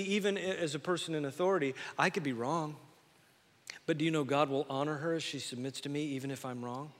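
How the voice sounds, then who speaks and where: A middle-aged man preaching a sermon in a large church hall, his voice bright and slightly high, with a long reverb trailing each phrase. He talks earnestly and builds to loud, emphatic peaks. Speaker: pastor.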